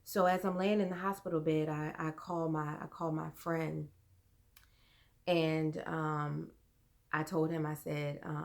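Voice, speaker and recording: A young adult woman vlogger earnestly telling a personal story, halting and full of fillers. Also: low-pitched, little pitch movement, gravelly.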